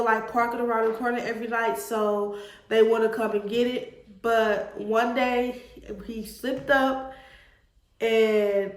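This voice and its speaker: A woman's voice: on the high side, roomy sound. A woman, telling a personal story to camera in an earnest, emotional way and addressing viewers as y'all. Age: 20s. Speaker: vlogger.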